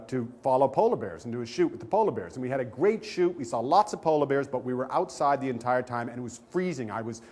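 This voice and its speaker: A male comedian tells a funny anecdote in a talk-show setting. His voice sits at a medium pitch, and he keeps the story animated by slipping into the voices of the people in it.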